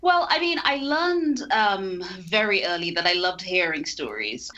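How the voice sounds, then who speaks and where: A woman who grew up in Nigeria and the UK chats as an interview guest and spins animated anecdotes, laughing often. Her voice is bright and forward. The recording is dull and lo-fi. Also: on the low side, measured pace. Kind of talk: casual interview chat.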